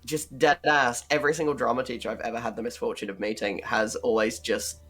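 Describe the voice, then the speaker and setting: A woman from Britain, a guest gamer on a stream, telling stories in animated, teasing casual chat. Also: a bass voice, brisk, breathy edge.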